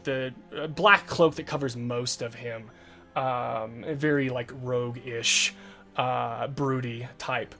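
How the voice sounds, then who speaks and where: Slow, halting man narrating a game. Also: medium pitch, fairly bright tone. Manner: slow, halting, many fillers. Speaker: game master.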